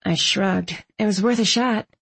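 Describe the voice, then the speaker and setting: A woman reading a first-person novel aloud as an audiobook narrator, brisk and expressive. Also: mid-range voice, gravelly, husky.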